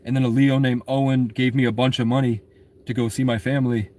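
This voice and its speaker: A man's voice: medium pitch, little pitch movement, quick pace, warm tone. Rambling, profane young man telling stories. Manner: rambling, profane, laughs at his own stories. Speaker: musician telling his own story. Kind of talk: rambling monologue rant.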